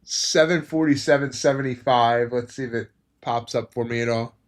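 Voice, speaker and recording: A man narrating his own live trades in a quiet, low-key way, trailing off into mumbled asides as he watches the charts. His pitch sits right in the middle for a man. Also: fairly even intonation, normal speed. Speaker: trading streamer. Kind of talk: live trading commentary.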